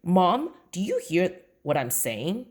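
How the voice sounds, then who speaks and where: A woman's voice: on the low side, huge pitch swings, slow pace, darkish tone, pitched above the performer's own voice, full character voice. A woman voicing an earnest, worried third-grade boy with eager, indignant outbursts in a children's book read aloud.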